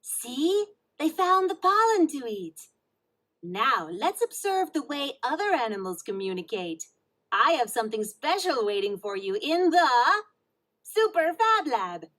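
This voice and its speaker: Sweet patient preschool teacher, woman voicing her, high and sing-songy, slow. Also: very animated, fairly bright tone, heavily acted. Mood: encouraging. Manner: encouraging, explaining. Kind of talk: storybook read-along.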